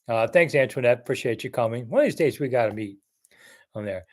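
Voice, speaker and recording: A man's voice: mid-range voice, animated, brisk, a little mellow. A man from Washington, D.C., hosting a casual live-stream chat, rambling as he answers viewer comments one by one. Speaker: host.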